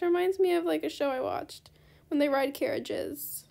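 Woman gaming host, high voice with vocal fry, chatty and excitable commentary. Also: moderate pace. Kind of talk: casual gameplay commentary.

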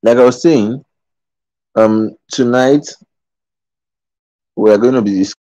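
A man's voice: medium pitch, slow pace, warm tone, dry recording, highs cut off. A man giving a live-streamed motivational talk, earnest and pleading, who repeats his phrases and keeps checking in with his listeners. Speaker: motivational speaker. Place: in Qatar.

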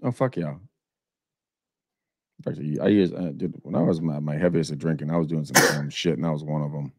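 A man's voice: rumbling low, fairly quick, slightly rough, no echo, studio quality. A man hosting a live real estate show, chatting crudely and joking while he makes cold calls. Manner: crude, joking, swings loud when excited. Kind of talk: casual live-stream banter while cold calling.

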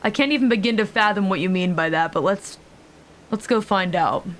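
A woman's voice: mid-range voice, brisk, slight background noise. Playful swearing woman streaming a game. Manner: playful, joking, swears freely; chatty asides to the audience. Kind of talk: casual live-stream commentary.

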